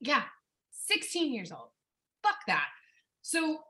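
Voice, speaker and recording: A young woman from California, chatting casually and telling an animated story, swearing and laughing often. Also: sits high, very slow, rough recording. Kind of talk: casual chat.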